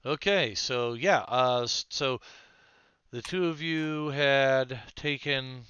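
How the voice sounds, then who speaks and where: A man's voice: mid-range voice, takes it slowly, bright, forceful tone, smooth. A man narrating a tabletop role-playing game as game master, laughing often and mocking himself lightly. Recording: dull lo-fi dry sound.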